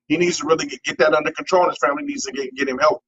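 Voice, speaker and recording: A man's voice: a little high, fairly even intonation, rapid-fire, noisy background. A man co-hosting a casual sports talk show, rambling and repeating words as he talks. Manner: rambling, repeats words, says you know often. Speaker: podcast co-host. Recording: dull lo-fi audio.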